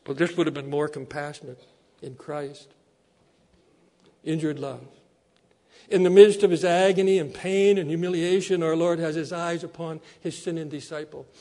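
Man, pastor preaching a sermon; high, warm voice; emphatic repetitions, soft low dips. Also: level tone, moderate pace. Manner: preaching with rising emphasis and repeated phrases.

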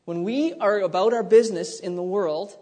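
A man preaching a sermon, animated and dramatic, acting out the lines he reads. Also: high voice, normal speed. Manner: animated, acts out scripture voices, many restarts. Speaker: pastor. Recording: long hall reverb.

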